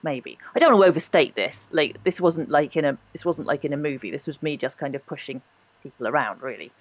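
In a casual podcast interview, the posh-voiced female guest talks fairly quickly, her voice sitting low. She's animated, laughs frequently, and tends to hedge her points.

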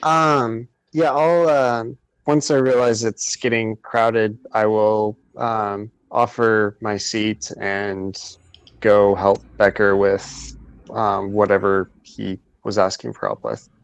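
A man playing a tabletop role-playing game, talking hesitantly with many pauses and fillers. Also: fairly low pitch, smooth, no echo, low-quality recording. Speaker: player. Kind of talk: tabletop role-play chat.

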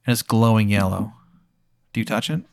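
A young man running a comic tabletop game as game master, deadpan and laughing at his own bits. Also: fairly low pitch, moderate pace, vocal fry, dry recording, clean studio sound. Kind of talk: improvised comic tabletop narration.

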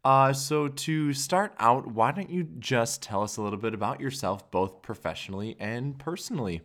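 A man's voice: medium pitch, expressive, moderate pace, a bit bright. A man hosting a podcast interview, polite and encouraging as he asks open questions. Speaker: podcast host.

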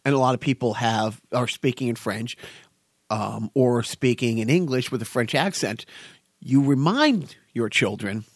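A man's voice: mid-range voice, a little slow, no echo, clean studio sound. An American man co-hosting a podcast in casual chat, rambling and joking with profanity and many stammered restarts. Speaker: podcast co-host.

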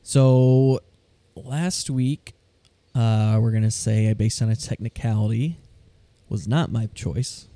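A man's voice: lowish voice, slow. A man co-hosting a podcast in casual, jokey chat. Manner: relaxed, jokey, reads labels aloud. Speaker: podcast co-host.

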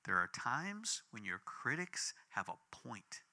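A man in his fifties preaching a sermon, telling a personal story with big swings between loud and hushed. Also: slow. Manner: animated storytelling with big swings in pitch and volume. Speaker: pastor.

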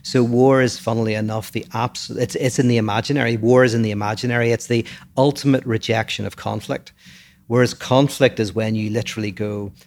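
A man with a Northern Irish accent co-hosts a podcast, explaining ideas in casual, thoughtful philosophical chat. His mid-range voice is a little mellow and a little fast, with fairly even intonation, and he often restarts his sentences.

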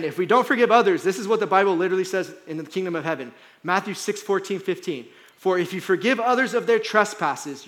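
The male pastor's voice is a little high and a bit bright. In a church hall, he gives his sermon conversationally, often checking in with "right?" and "like."

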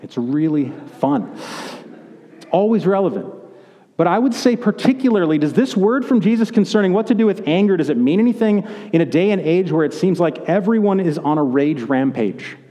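Male pastor, sermon, conversational joking manner, fairly high voice, animated pitch. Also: normal speed. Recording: echoey hall.

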